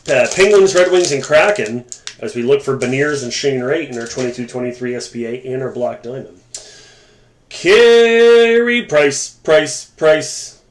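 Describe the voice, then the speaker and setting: A man hosting a live sports card break, calling out cards and joking with viewers in the chat. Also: mid-range voice. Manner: chatty, joking asides to viewers. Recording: echoey room with faint noise.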